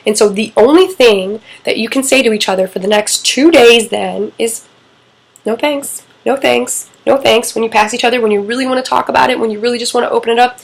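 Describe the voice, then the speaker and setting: A woman's voice: fairly high pitch, fast, gravelly, few pauses, poor audio. A middle-aged woman coaching on relationships in a casual, candid talk, swearing freely and acting out quoted lines.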